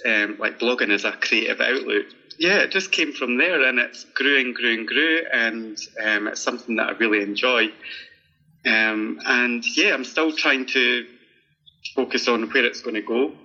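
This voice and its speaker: Bright-voiced Scottish man in his 30s. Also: mid-range voice, muffled recording. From Scotland. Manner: friendly, laughs often, many ums. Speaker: podcast guest. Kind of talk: casual interview chat.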